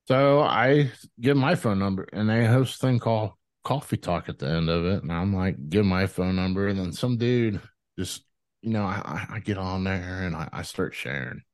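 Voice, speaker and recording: Man, deep low voice, dry close sound, rambling profane storytelling, thirties. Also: no room sound. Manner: rambling, profane, animated, frequent restarts. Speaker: podcast guest. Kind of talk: casual storytelling interview.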